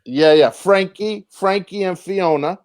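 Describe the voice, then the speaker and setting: A young man, a comedian and actor, telling a rambling, animated story with frequent restarts and casual swearing. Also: sits high, a little slow. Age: young adult.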